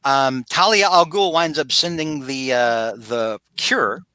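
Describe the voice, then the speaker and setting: A man co-hosting a casual podcast, retelling a story with animated energy, acting out lines, and stumbling through restarts. His voice is bright and forward. The sound is dry and close. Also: medium pitch, takes it slowly, clean tone, no echo. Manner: animated retelling with acted-out quotes and frequent restarts. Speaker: podcast co-host. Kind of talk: casual chat.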